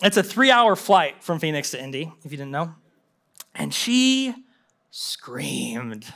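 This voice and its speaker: A young adult man, a pastor, preaching a sermon with animated storytelling and mimicked voices. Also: fairly high pitch, slow, creaky.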